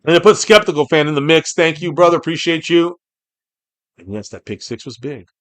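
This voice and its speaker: An excitable man hosting a fan reaction stream in a slightly high voice. He calls the action and reads out viewer names, then bursts into shouting on big plays. The sound is dry and close. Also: a little fast, no room sound. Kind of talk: live game reaction and chat reading.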